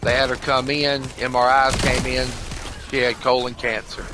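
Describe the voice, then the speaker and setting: A man's voice: mid-range voice, level tone, moderate pace, noisy background. Rambling, profane older man. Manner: rambling, profane, emotional, keeps saying "bro" and "you know what I mean". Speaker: gamer chatting on voice chat. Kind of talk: casual storytelling.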